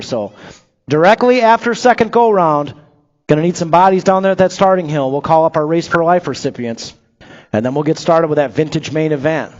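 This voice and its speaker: A man calls live BMX motos over an outdoor track PA, running through rider names and finishing spots between quick jokes. His voice sits a little high for a man, and the sound is dull and lo-fi, like a public-address system. The delivery stays upbeat and conversational. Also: fairly bright tone. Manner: upbeat, joking asides between rapid race calls. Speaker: race announcer. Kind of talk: live BMX race commentary.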